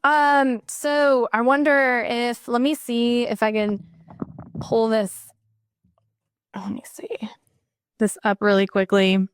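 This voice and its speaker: A woman chatting as a podcast guest, excited and rambling, with many fillers. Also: a little high, takes it slowly, clear, resonant tone, no room sound, clean studio sound. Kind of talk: casual chat.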